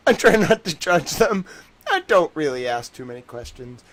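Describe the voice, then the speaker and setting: Rambling, animated young man chatting. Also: fairly high pitch, normal speed, creaky. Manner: meandering, lots of "like" and "I don't know"; wry, laughs between stories. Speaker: livestream host. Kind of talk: rambling casual chat.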